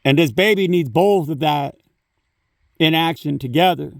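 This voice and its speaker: A man's voice: on the high side, normal speed, gravelly, no echo, clean studio sound, recorded from a distance. A man giving a casual spiritual talk on his phone, rambling, swearing freely and saying "you know" often. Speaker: spiritual vlogger.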